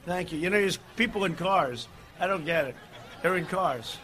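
Rally speaker, male, meandering delivery with punchy shouts and quiet asides, voice a touch high and cutting. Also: animated, moderate pace. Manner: rambling, digressive, swings between shouting and muttering. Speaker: political candidate at a rally. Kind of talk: campaign rally speech. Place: outdoor rally.

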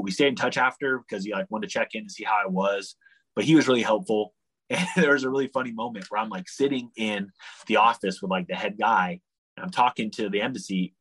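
A young man casually telling a long travel story as a guest, animated and full of "like," acting out the people he quotes. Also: fairly low pitch, husky, low-quality recording. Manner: animated, leans on "like" a lot, acts out the people he quotes.

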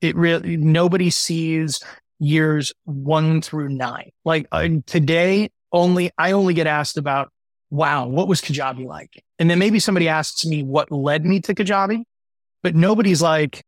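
A man in his forties, a guest entrepreneur telling his story in an interview, animated and acting out the voices of people he quotes. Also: a little high, moderate pace, no echo.

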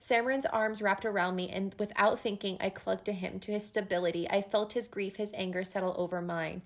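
A woman's voice: medium pitch, a little fast. A woman co-hosting a book podcast, animatedly retelling scenes and reading passages aloud in a casual chat. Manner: animated retelling, reads excerpts with feeling. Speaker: podcast co-host.

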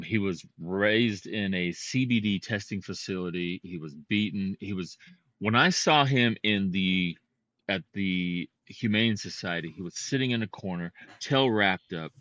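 A man co-hosting a podcast, telling a story in a casual, animated and heated way. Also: sits low, no room sound, muffled recording. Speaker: podcast co-host.

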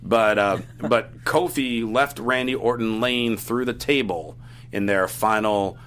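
A man hosting a podcast, casually recapping events in quick, quippy bursts. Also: lowish voice, fairly bright tone. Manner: brisk recapping, quick quips. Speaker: podcast host.

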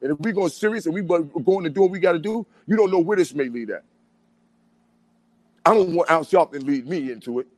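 Fast-talking animated New man. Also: on the high side, dry recording. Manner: fast, animated street talk, repeats "you know what I'm saying". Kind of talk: casual chat.

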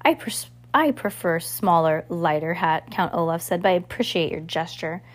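A woman's voice: fairly low pitch, moderate pace, close to an everyday voice. A woman reading as a gloating villainous count. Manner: snarling, gloating. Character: scheming greedy villainous male count.

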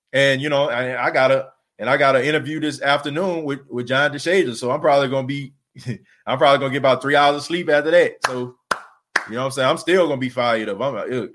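A man's voice: mid-range voice, fairly quick, fairly bright tone. A man hosting a sports podcast, ranting emphatically with repeated rhetorical questions and casual slang, tired after an overnight shift. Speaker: podcast host. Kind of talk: fired-up solo sports podcast rant.

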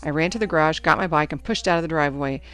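A woman narrating a first-person storybook in an expressive, anxious telling. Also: low-pitched, rapid-fire. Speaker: audiobook narrator.

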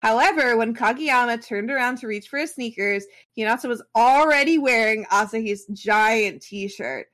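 A woman reads a fan story aloud on a podcast, stumbling a bit and breaking off for chatty asides. Her voice sits fairly high. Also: a bit bright. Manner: casual, with restarts and asides while reading. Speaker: podcast co-host reading fan fiction. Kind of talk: reading aloud with commentary.

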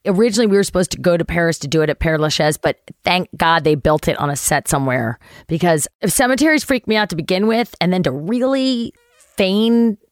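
A woman actress telling a story as a guest in a chat interview, animated, acting out the voices of people she quotes and swearing casually. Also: fairly low pitch, brisk, no echo, studio quality.

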